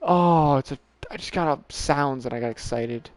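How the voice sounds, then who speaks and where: A man streaming a video game, talking casually to himself and to the characters on screen, swearing often and getting worked up quickly. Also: mid-range voice, dry recording. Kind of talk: casual gameplay commentary.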